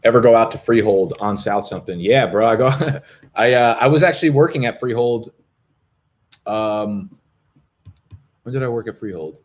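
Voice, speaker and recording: A man's voice: on the low side, moderate pace, pauses often. A man in his twenties hosting a fantasy football live stream, chatting casually with viewers in a rambling, profane, jokey way. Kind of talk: casual live-stream chat reading comments. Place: apartment in Brooklyn.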